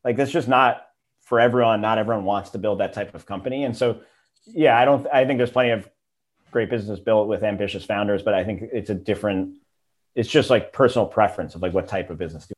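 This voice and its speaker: A man guesting on a business podcast as an investor, talking in a relaxed way with many fillers. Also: lowish voice, fast. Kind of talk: casual interview.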